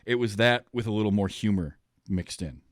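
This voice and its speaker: Guy hosting a movie podcast, lowish voice, lots of ums and restarts, dry close sound. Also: moderate pace, no echo. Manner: chatty, many fillers and restarts. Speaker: podcast host. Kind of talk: casual film discussion.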